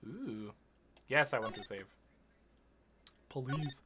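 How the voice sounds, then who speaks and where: A chatty streamer trading jokes with viewers and reacting out loud while playing. The voice sits at an ordinary middle pitch, with game music clearly running underneath. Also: measured pace, pauses often. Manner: chatty, reacting aloud, joking asides. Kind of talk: casual let's-play commentary.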